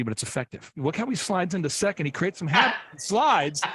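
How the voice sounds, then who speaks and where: High, lively excited man interviewing. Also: fast talker, hardly any pauses. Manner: animated storyteller, acts out his dad's voice. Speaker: podcast host.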